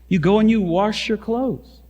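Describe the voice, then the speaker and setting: A man from Missouri with a Missouri accent preaching a sermon as pastor, earnest and emphatic, becoming lively in his asides. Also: high-pitched, measured pace. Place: church sanctuary. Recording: long church reverb.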